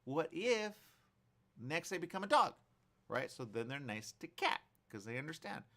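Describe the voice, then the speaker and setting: A man's voice: on the high side, normal speed. A man hosting a morning talk show, chatting casually and spinning rambling, playful what-if stories. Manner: rambling, animated storytelling with playful what-ifs. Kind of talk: casual chat. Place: studio.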